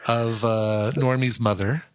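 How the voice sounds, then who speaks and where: A man in casual podcast chat, enthusiastic and quick to agree. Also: medium pitch, fairly even intonation, smooth. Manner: enthusiastic, affirming.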